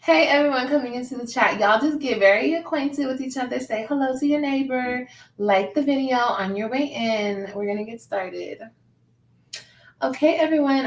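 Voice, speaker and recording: A woman hosting a casual livestream, greeting viewers by name and reading their comments aloud. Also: fairly high pitch. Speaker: livestream host. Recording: echoey room, faint background noise.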